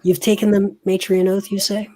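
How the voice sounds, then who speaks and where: A game master narrating a tabletop game, talking in a slow, halting way with fillers. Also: medium pitch, level tone, dark tone.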